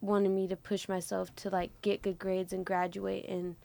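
A woman who is a student in a music program, speaking candidly and haltingly with many fillers. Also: mid-range voice, completely flat delivery, creaky, warm tone. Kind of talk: casual group conversation.

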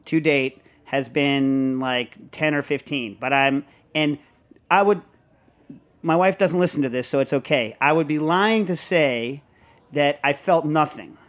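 A man hosting a casual talk show, rambling and animated, often breaking into show tunes. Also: a little high. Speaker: host. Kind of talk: casual chat.

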